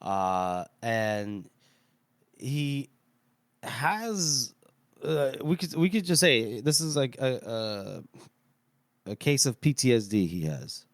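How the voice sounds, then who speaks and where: A man co-hosting a book podcast, recapping the story in a hesitant way with many pauses and "uh"s. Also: medium pitch, lively intonation, no room sound. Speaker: podcast co-host. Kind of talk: casual book discussion.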